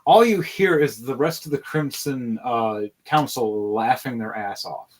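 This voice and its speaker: A young man runs a tabletop game at a mid pitch, narrating the action excitedly and swearing freely. He often trips over his words and starts his sentences again. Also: a little slow. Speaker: game master.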